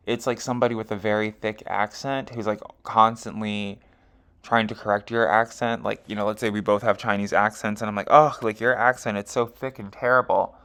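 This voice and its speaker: Gravelly man rambling through an astrology reading. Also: fairly low pitch, a bit bright. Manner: rambling, heavy with fillers like um and you know; chatty, with self-corrections. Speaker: astrology and tarot reader. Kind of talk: casual chart-reading monologue.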